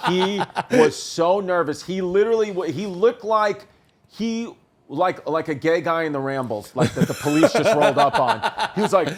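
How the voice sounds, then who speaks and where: A man in his thirties hosting a podcast in casual chat, telling stories with loud bursts of shouting. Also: a little high. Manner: animated storyteller, shouts while acting out stories. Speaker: podcast host.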